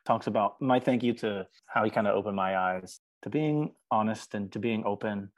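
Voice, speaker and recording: Chatty low-voiced man, dry sound. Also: normal speed, no room sound. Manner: earnest, chatty, laughs often. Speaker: musician guest. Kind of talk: casual interview chat.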